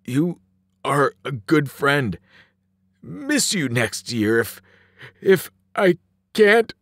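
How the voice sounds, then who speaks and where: Gentle giant boy, childlike and tearful, slow halting words, a bit higher, as a man reads him. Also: big pitch swings, dry recording, heavily acted. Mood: trembling.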